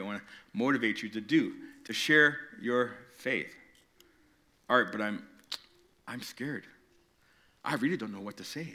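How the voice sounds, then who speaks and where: A man from Canada preaching a sermon, telling a childhood story with acted-out voices and whispered asides. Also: mid-range voice. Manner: animated storyteller, acts out voices and whispers for emphasis.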